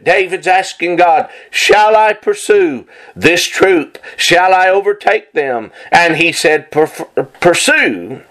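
A man's voice: fairly high pitch, fairly bright tone, poor audio. A man preaching a sermon, reading scripture aloud and driving points home with repetition.

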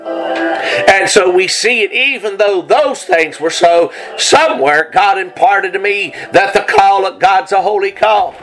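A man preaching an impassioned revival sermon, swinging between urgent bursts and slow, drawn-out lines. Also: sits high, fairly bright tone, soft background music, poor audio.

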